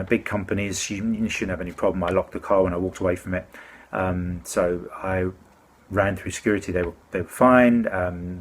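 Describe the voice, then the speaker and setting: A man's voice: low voice, husky. A man from the UK telling a rambling, indignant complaint story in a casual spoken way, often stopping to correct himself. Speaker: complaining customer.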